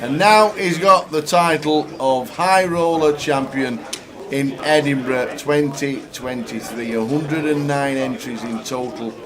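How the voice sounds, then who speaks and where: A man's voice: medium pitch, a little slow. A man commentating a poker live stream, upbeat and chatty, wrapping up the day's results. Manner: upbeat, chatty, wraps up with thanks. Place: poker room at a live event. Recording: noisy crowd behind.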